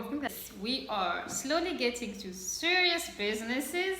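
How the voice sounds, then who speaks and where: A woman's voice: mid-range voice, expressive, takes it slowly, a bit bright, echoey room, rough recording. A young woman from Congo doing a casual unboxing chat, bubbly and gushing, laughing often. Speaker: vlogger.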